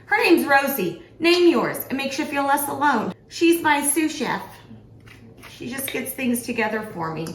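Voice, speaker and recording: A woman's voice: high-pitched, very animated, a little slow, reverberant, slight background noise. A middle-aged woman, a home cook and author, chatting casually and self-deprecatingly to the camera as she cooks in her home kitchen. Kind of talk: casual cooking vlog.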